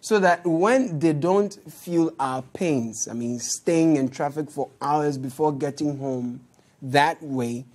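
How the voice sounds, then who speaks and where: A news show host with a Ghanaian accent gives satirical commentary on the day's politics. The delivery is sarcastic and mocking, sitting at an ordinary middle pitch. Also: darkish tone. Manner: sarcastic, mocking, laughs at clips.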